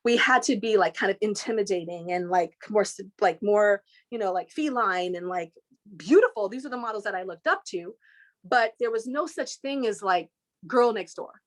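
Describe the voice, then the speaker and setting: Lively woman telling a story. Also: moderate pace. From Inglewood, California. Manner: lively, mimics voices, frequent pitch jumps. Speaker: interview guest. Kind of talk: animated storytelling.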